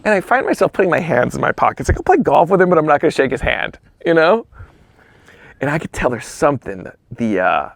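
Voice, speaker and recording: A man's voice: a little high, animated, fairly quick, gravelly, no room sound, clean studio sound. A man telling a long story as a podcast guest, acting out the other people's lines and dropping into whispers. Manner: acts out quoted voices, drops to whispers. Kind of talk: animated storytelling.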